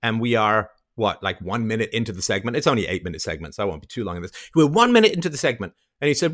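A middle-aged man rants through a commentary segment, mocking and profane, with heavy emphasis on each point. His pitch swings widely as he talks. He sounds like a show host tearing into someone he disagrees with. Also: very animated, very fast, few pauses, a bit bright. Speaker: podcast host commenting on a clip. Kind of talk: ranting commentary.

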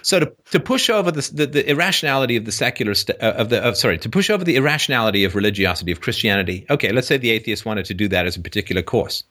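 Animated man hosting a call-in show. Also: on the low side, rapid-fire, hardly any pauses. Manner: animated, joking, frequent restarts. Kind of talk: casual call-in conversation.

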